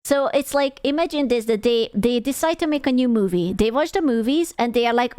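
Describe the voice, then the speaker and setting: Kinda high-pitched woman streamer rambling thru a reaction, swears a lot, dry close mic sound. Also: animated, brisk, hardly any pauses, darkish tone, clear, resonant tone, no echo. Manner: chatty, rambling, swears freely, stumbles over words. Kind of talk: casual reaction commentary.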